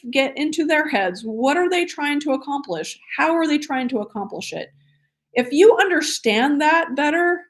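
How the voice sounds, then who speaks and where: A woman instructor giving a recorded training lecture, chatty and enthusiastic, with fillers and small laughs. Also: sits high. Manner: energetic and enthusiastic.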